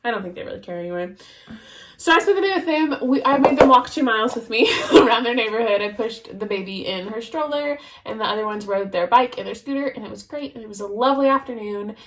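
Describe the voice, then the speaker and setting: A woman's voice: on the high side, expressive, fast. A young adult woman co-hosting a knitting podcast, chatting casually and rambling with lots of fillers. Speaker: podcast co-host. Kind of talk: casual chat.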